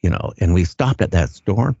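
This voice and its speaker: Older guy, really low voice, halting earnest storytelling, dull lo-fi audio. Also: expressive, gravelly, dark tone, no echo. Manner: halting, earnest, repeats words as he goes. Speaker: guest recounting an encounter. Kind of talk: casual first-person storytelling. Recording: dull lo-fi sound.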